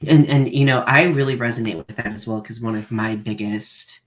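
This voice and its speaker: A young adult man hosting a live podcast in casual chat, talking haltingly with many restarts. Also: mid-range voice, fairly even intonation. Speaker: podcast host.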